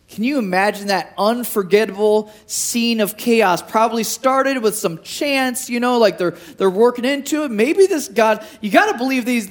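A man preaching a sermon, animated and storytelling, acting out quoted voices, with frequent restarts and repetitions. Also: high voice. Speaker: pastor.

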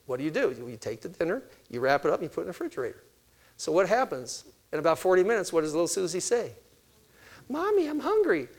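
A man's voice: a little high, sing-song, rapid-fire. An older man giving a sermon-style talk on parenting, telling stories and acting out the quoted exchanges in changing voices. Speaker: speaker on family ministry.

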